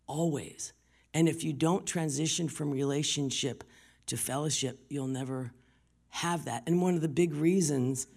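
A woman's voice: rumbling low, gravelly, darkish tone, slightly rough. A woman preaching a sermon, telling personal stories and often dropping her voice to a whisper.

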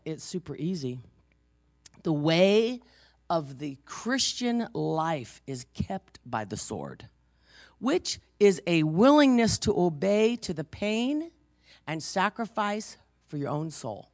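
A woman's voice: sits low, a little mellow, dry recording, studio quality. A woman pastor preaching in a loose, chatty storytelling way, full of asides. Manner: chatty storytelling, frequent "you know", laughs easily. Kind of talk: conversational sermon.

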